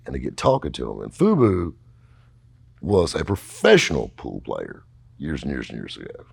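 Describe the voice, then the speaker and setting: A man's voice: extremely low pitch, wildly swooping pitch, normal speed, creaky, slightly rough, dry recording, clean studio sound. A middle-aged man telling a long story casually, rambling and folksy, with lots of fillers. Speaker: podcast host telling a story.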